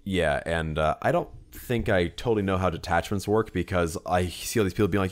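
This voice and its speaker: A man's voice: low voice, fast, few pauses. A man co-hosting a podcast, telling a long rambling story in casual chat with lots of fillers and restarts. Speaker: podcast co-host.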